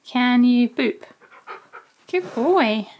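A woman who makes dog videos playfully coaxes her dog through tricks, laughing often. Her voice is on the high side with lively intonation and a very slow pace, and the lo-fi recording has a noisy background.

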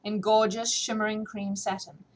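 A woman narrating a classic novel audiobook in a measured, expressive reading. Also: medium pitch, rough recording. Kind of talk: scripted narration.

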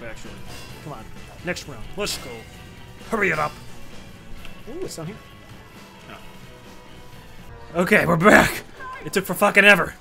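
A young man narrates his own game as he plays, excitable and quick to swear and mock himself. His voice sits high and sounds bright and sharp. Faint game music plays underneath. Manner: excitable, swearing, self-mocking. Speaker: gamer. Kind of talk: casual gameplay commentary.

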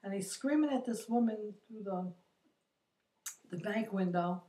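A woman's voice: medium pitch, a little slow, long pauses, dark tone. Chatty older woman, roomy distant sound. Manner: chatty, exasperated, quotes others in her retelling. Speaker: vlogger. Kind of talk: casual storytelling monologue. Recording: roomy echo, distant from the mic.

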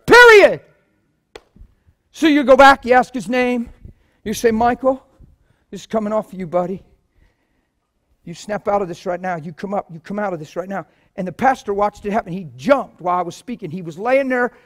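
A man preaching a sermon and telling stories, swinging from low murmurs to loud shouts. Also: brisk. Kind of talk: sermon with testimonies.

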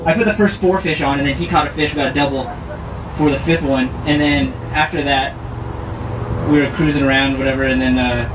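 A man with a fairly high voice tells his fishing story eagerly and in a rambling way, acting out what he and his partner said. He sounds far from the mic, and the outdoor weigh-in is roomy and noisy around him. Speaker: tournament angler.

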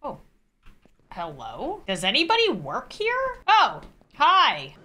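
A young woman narrates her gameplay in an excitable let's play style, chatting to the people in the game and yelping. Her voice sits high and swings widely, with a bright, sharp edge. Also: slow pace. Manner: excitable, yelps and laughs, chats to game characters. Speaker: gaming video creator.

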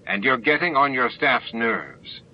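A man's voice: mid-range voice, animated, a little slow, lo-fi sound, slight background noise, voice pushed up, lightly acted. A man voicing a stern but caring male starship captain who gives firm orders.

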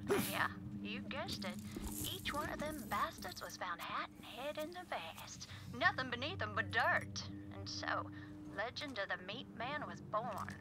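A woman's voice: on the high side, sing-song, a little slow. A woman voicing a folksy frontier woman who drawls out a spooky legend, in a game. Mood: ominous storytelling. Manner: drawling, storytelling, folksy slang. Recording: game audio with clear background noise.

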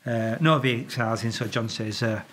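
A man's voice: medium pitch, normal speed. A middle-aged man with a Yorkshire accent, a retired traffic police officer, telling stories casually to camera, swearing freely and acting out sound effects. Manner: animated, swears freely, makes sound effects, stumbles and repeats.

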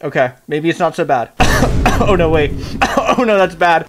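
A man's voice: sits high, brisk, faint music behind. A young man, a gaming streamer, reacting in a panicky, exclaiming way and breaking into laughs. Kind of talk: excitable reaction commentary.

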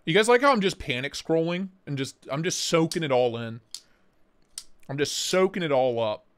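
A livestream host chats in a relaxed way, his voice a little high for a man, with pitch that jumps around very lively. He sounds easily excited and loose, using lots of slang and the occasional curse, at a moderate pace with a clean tone.

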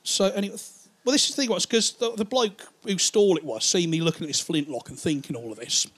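Man, stand-up comic, sweary, rambling, a bit high-pitched. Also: quick pace, a bit bright, breathy edge. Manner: rambling, sweary, acts out characters. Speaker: stand-up comedian. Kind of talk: stand-up routine.

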